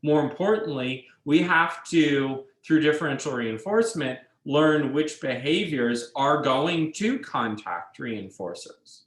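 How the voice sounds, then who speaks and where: A man's voice: on the high side, expressive, slow pace, hardly any pauses, echoey room, poor audio. A man teaching a university class, explaining ideas step by step and checking in with his students. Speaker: university instructor. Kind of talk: classroom lecture.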